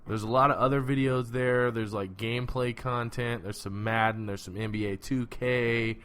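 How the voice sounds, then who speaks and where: A man's voice: mid-range voice, steady tone, normal speed, fairly bright tone, smooth. A man co-hosting a casual TV recap podcast, talking in loose, profane banter with frequent laughs. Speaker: podcast co-host.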